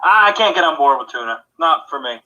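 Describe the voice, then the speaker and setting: A man chats casually on a podcast, rambling from one thought to the next and laughing often. His voice sits a bit high and rings very bright. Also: lively intonation, fairly quick, low-quality recording. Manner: rambling, chatty, laughs easily. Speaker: podcast co-host. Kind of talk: casual chat.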